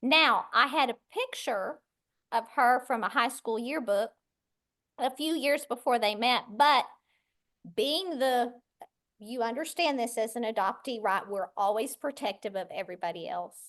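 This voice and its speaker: A middle-aged woman from West Texas, guesting on a podcast and telling her story with animated voices for the people in it. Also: fairly high pitch, a little slow.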